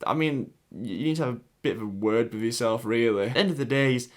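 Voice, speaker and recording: A man's voice: medium pitch, animated, fast talker, few pauses. A man with a Sheffield accent giving casual commentary, hesitant with many restarts. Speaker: YouTube commentator.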